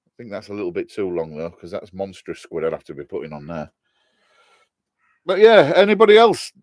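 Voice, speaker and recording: A middle-aged man with a Hull, East Yorkshire accent chats casually on a live stream, answering viewer comments in a jokey, rambling manner and laughing often. He has a low, dark-toned voice and talks fast, captured in a dry, studio-quality recording.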